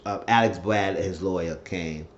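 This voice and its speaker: Low-voiced man chatting through a recap. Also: moderate pace, muffled recording, slight background noise. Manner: chatty, animated retelling with rising excitement. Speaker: TV show recap vlogger. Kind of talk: casual episode recap.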